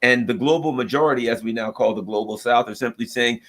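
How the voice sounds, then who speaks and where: A man from the United States talking through world politics in an emphatic, argumentative monologue. His voice sits at an ordinary middle pitch, and he often slips into quick imitations of what whole countries might say. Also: fairly bright tone. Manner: emphatic, argumentative, acts out quoted voices of nations. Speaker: political commentator. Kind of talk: opinionated commentary monologue.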